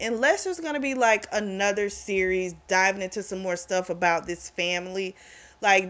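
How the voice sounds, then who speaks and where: A woman's voice: medium pitch, a bit bright. A woman hosting her own book review channel, chatting casually through the plot with lots of "like" and "you know".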